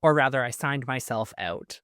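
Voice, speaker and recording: Speaking at a moderate pace, a Canadian man on his podcast shares a personal story, chatty and full of "like" fillers and laughter between lines. The pitch is medium and slightly bright. Sound is dry and studio quality.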